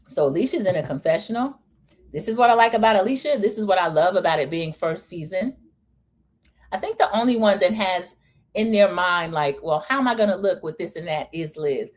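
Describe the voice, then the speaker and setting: A chatty woman recaps a reality TV episode, full of opinions. She talks in a relaxed, easy way and acts out what the cast said. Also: medium pitch. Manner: chatty, opinionated, animated quoting of cast members. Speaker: host.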